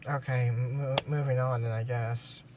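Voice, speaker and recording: A man's voice: mid-range voice, level tone, unhurried, darkish tone, slight background noise. A man casually recapping a cartoon episode, rambling with lots of fillers and restarts and dropping sarcastic asides. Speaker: anime episode reviewer.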